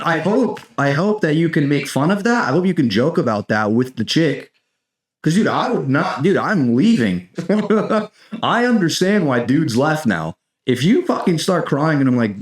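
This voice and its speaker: A young American man rambles through a comedic podcast monologue, swearing freely and tossing in "dude" every few words. His pitch sits in an ordinary middle range, and the sound carries a noticeable room echo. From United States. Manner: rambling, profane, sarcastic, says "dude" constantly. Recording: echoey room.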